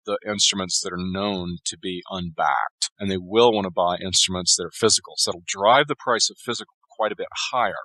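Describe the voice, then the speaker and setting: Low, forceful man explaining at length. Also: brisk, hardly any pauses, no echo, low-quality recording. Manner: long, steady explanatory answers. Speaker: author guest. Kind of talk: conversational interview.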